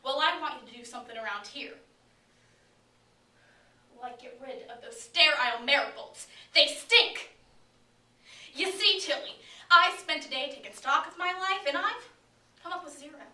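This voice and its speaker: A young woman acts out a bitter middle-aged mother who mocks and belittles. The voice is high and bright, with a sharp, cutting edge. It is heard from a distant camera in a roomy, echoing space. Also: normal speed, long pauses. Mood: sarcastic. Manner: sarcastic, cutting, mocking. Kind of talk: solo dramatic interpretation. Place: competition room. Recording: echoey room from far off.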